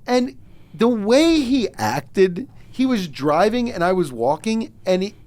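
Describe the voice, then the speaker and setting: A man hosts a casual comedy podcast, telling stories with real animation. His pitch swings widely, climbing to shouted disbelief and then sinking into grumbling asides. He swears freely and talks quickly when he gets worked up. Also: no room sound. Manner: animated storytelling, swearing, big jumps up to shouted outrage. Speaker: podcast host.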